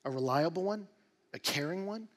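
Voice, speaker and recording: A male pastor preaching a sermon in an animated, emphatic way, with rising bursts of energy. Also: fairly high pitch, moderate pace, long reverb tail. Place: church auditorium.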